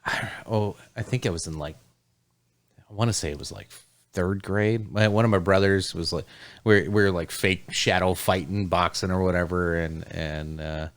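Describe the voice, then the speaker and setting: Male guest, low pitch, relaxed and rambling casual talk. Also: moderate pace. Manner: relaxed, rambling, with many fillers. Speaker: podcast guest. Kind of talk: casual chat.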